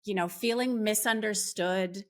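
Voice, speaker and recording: A woman's voice: mid-range voice, unhurried. A woman speaking as a podcast guest, talking earnestly with frequent fillers and restarts. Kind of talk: casual conversation.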